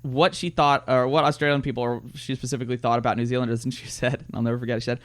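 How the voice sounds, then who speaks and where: A man co-hosting a casual film review podcast, joking loudly and swearing freely. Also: mid-range voice, flat delivery. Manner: rapid, boisterous, profane joking. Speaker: podcast co-host.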